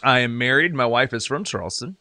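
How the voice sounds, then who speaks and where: A middle-aged man from South Carolina with a light Southern accent, talking as a podcast guest in his home studio, chatty and animated with frequent restarts. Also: medium pitch, brisk, no room sound. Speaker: guest, singer-songwriter and radio DJ. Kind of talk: casual interview chat.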